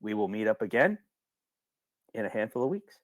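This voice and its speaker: A man's voice: on the low side, very animated, normal speed, dry recording. A man hosting a casual webinar, talking in a rambling, colloquial way and repeating himself when he gets worked up. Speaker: webinar host.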